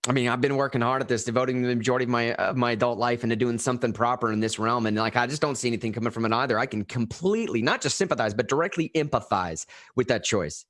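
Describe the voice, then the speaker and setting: Emotional fast-talking man. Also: medium pitch, a bit bright, dry recording, studio quality. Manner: emotional, fast, rambling with restarts. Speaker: podcast co-host. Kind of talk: impassioned political commentary.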